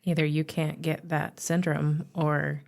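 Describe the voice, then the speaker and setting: A woman's voice: deep voice, little pitch movement, a little slow, vocal fry, a little mellow. A woman co-hosting a podcast, tossing in dry joking asides and questions. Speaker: podcast co-host. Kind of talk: casual chat.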